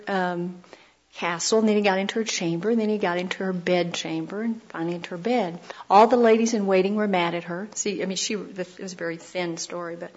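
A woman delivers a sermon in the voice of a storyteller, with dry humor and quick acted-out quotes. Her voice sits at a middling pitch. The recording is muffled and lo-fi. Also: a little hiss or hum. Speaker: Christian speaker.

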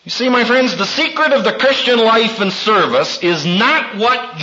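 Lively, bright-voiced man preaching a sermon. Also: unhurried, few pauses, lo-fi sound. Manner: dramatic, acts out quotes with big pitch swings.

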